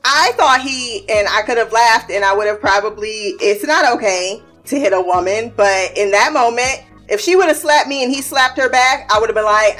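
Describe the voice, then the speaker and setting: A woman's voice: on the high side, expressive, moderate pace, a bit bright, faint music behind. A young woman giving a casual, blunt and profane recap of a TV episode, often laughing as she talks. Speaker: TV show recapper.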